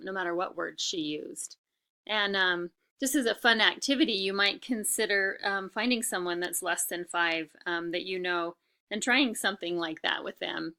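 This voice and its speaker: A woman lecturing in a bright, clear-edged voice. She explains step by step, pausing on ums and restarting her sentences. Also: medium pitch. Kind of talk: recorded lecture.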